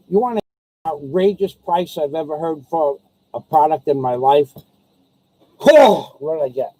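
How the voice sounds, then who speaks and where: Slow, mellow-voiced man telling a grumbling story. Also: a little high, husky, dry recording, rough recording. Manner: chatty storyteller, quotes people, grumbles about prices. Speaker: vlogger. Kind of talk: rambling casual monologue.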